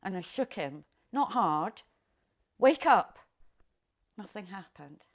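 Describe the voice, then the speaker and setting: In a documentary interview, a middle-aged mother looks back on her past, talking quietly and haltingly and often letting her words fade low. There's an animated quality to her voice, along with vocal fry.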